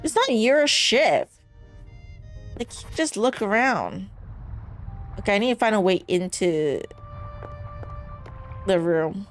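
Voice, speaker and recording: A woman's voice: mid-range voice, animated, slow pace, long pauses, faint music behind. A woman giving casual let's-play commentary, chatty and rambling, often trailing off mid-thought. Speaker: gamer streaming a playthrough.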